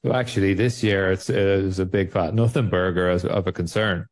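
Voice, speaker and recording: A man's voice: sits low, steady tone, brisk. A man co-hosting a trading show, chatting casually and jokingly about markets, rambling and laughing often. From Ireland.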